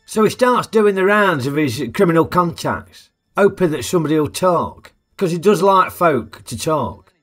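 A man's voice: a little high, animated, normal speed, a bit bright, faint music behind. A man giving a chatty, jokey film review full of tag questions. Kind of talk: casual film review narration.

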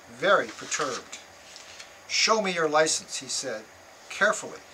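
An older man reading aloud from his own memoir in a measured, earnest way. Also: mid-range voice, bright, forceful tone, a little hiss or hum, rough recording.

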